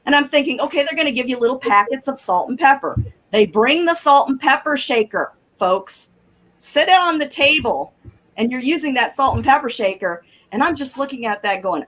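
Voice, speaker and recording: A woman's voice: fairly high pitch, moderate pace, rough recording. A middle-aged woman, co-hosting a casual talk show and telling chatty stories with a laugh. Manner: chatty storyteller, animated and laughing. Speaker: co-host.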